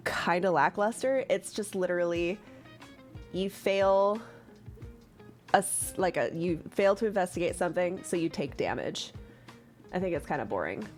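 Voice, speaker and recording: A woman running a tabletop game as game master, chatting casually in a rambling way with lots of fillers and some swearing. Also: on the low side.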